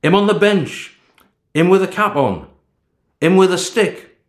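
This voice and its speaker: A man voicing an earnest, eager young boy in a storybook reading, insistent and excited. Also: high-pitched, unhurried, pitched above the performer's own voice. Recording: echoey room.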